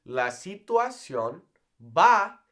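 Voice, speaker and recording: In a classroom-style room with a whiteboard, a man with a high-pitched, animated voice teaches a Spanish lesson. He checks in with "okay?" after nearly every point and slows down on example phrases.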